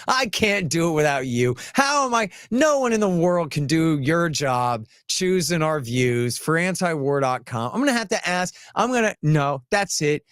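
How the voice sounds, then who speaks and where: A man putting on the voice of his panicky, exasperated male boss, raising his pitch into a high, strained, excitable voice. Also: no room sound, clean studio sound, lightly acted.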